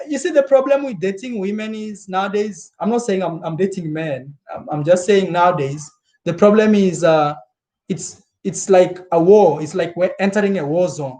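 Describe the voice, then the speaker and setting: A young man from Kenya chatting casually and live with his viewers, animated and repetitive, laughing often. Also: sits high. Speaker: travel vlogger.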